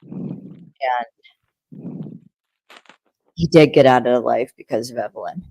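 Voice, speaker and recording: A woman's voice: rumbling low, slow pace, warm tone, no room sound, poor audio. A young woman co-hosting a podcast, retelling a TV episode's plot in a rambling, chatty way with frequent fillers. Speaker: podcast co-host. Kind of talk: casual episode recap chat.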